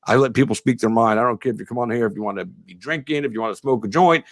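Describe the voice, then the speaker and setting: A man's voice: mid-range voice, rapid-fire, no echo. A man hosting his own podcast, chatting casually with a guest, rambling with many fillers. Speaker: podcast host. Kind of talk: casual interview.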